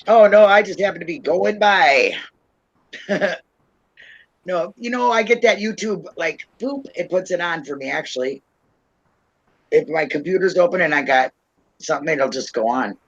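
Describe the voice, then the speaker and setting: A woman's voice: lowish voice, expressive, normal speed, long pauses, slightly rough, no echo, lo-fi sound. A woman hosting a casual livestream chat, tipsy from wine, rambling and laughing often. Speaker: livestream host.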